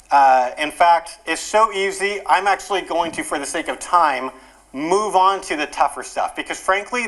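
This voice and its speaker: A man speaking at a conference workshop explains ideas at a brisk clip, his pitch swinging in a lively, expressive way. His animated delivery keeps the room engaged, though the recording is rough.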